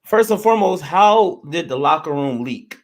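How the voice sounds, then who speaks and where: A man hosting a podcast, arguing his side with hesitant restarts and loud bursts when he cuts in. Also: a little high, animated, moderate pace. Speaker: podcast host. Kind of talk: heated casual debate.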